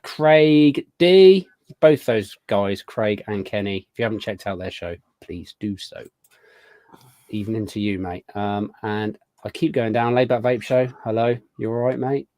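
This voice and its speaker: A man hosting a casual live show, chatting warmly through a long list of viewer greetings. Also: on the low side, dry recording. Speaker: podcast host. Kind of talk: casual live-stream chat.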